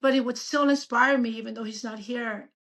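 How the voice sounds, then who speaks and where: A woman in her fifties, a doctor chatting as a guest in an interview, telling stories in an animated, emphatic way. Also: fairly high pitch, fairly quick. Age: 50s. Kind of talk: casual interview chat.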